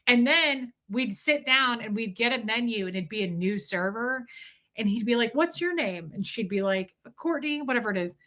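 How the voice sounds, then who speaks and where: A woman hosting a livestream, telling stories in an animated way with frequent laughs and reading out comments from the chat. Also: a little high, normal speed. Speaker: livestream host. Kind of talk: casual chat with a live audience.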